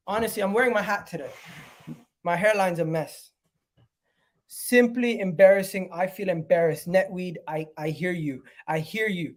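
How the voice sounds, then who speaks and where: A man hosting a live fan stream, ranting in frustration and repeating his phrases again and again, swinging from loud outbursts to low muttering. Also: normal speed. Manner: exasperated, repeats phrases over and over. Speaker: fan channel host.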